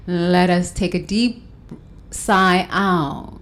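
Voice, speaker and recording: A woman hosting a guided breathing session and self-help talk, counting breaths slowly and soothingly, with loud sighs. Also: on the low side. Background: faint instrumental music.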